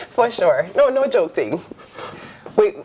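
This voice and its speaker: A woman's voice: a little high, a little mellow, a little hiss or hum. Upbeat Jamaican woman co-host. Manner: upbeat, laughs often, reads the segments. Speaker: morning show co-host. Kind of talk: casual morning TV chat.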